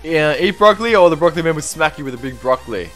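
Young male streamer, fairly high voice, chatty and excitable, faint music under the commentary. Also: racing. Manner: chatty, reads viewer comments aloud, excitable exclamations. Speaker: streamer playing a game. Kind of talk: live-stream gameplay commentary.

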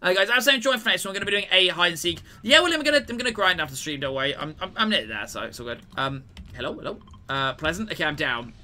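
A man's voice: high-pitched, animated, racing, bright, forceful tone, slight background noise. A man live-streaming a game, chatting with viewers, greeting them and apologizing often. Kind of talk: live gaming stream chat.

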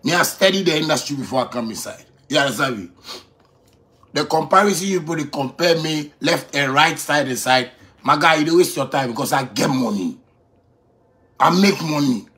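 Boastful man ranting in Ghanaian Pidgin. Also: a little high. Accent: Ghanaian Pidgin English. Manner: boastful and swaggering, repeats phrases for emphasis, swings from quiet to loud. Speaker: musician addressing critics. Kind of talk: boastful off-the-cuff rant.

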